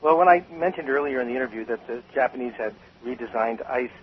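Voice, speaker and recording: An older man, a guest on a radio talk show, telling stories about bartending with animated emphasis. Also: mid-range voice, quick pace. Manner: animated storyteller, emphatic with laughs. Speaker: guest, cocktail author and former bartender. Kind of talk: radio interview. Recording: slightly dull radio sound with faint hiss.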